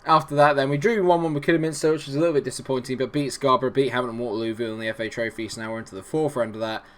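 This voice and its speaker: A man's voice: medium pitch, fairly even intonation, rapid-fire, fairly bright tone. A man hosting a game video, giving chatty, enthusiastic, self-deprecating commentary. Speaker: gaming video host.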